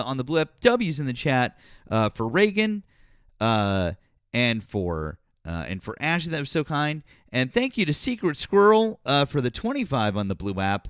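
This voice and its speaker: A man's voice: on the high side, no room sound, clean studio sound. A man hosting a political livestream, thanking donors one by one, then turning blunt and profane with a caller. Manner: grateful shout-outs, blunt and profane when arguing. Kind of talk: casual livestream chat.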